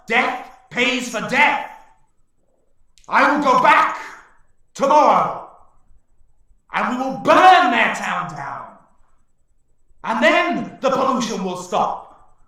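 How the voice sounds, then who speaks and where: A man's voice: sits high, vocal fry, sharp tone, heavy reverb, voice pushed up, full character voice. A man voicing a defiant male orc chieftain who bellows rousing war speeches to his tribe.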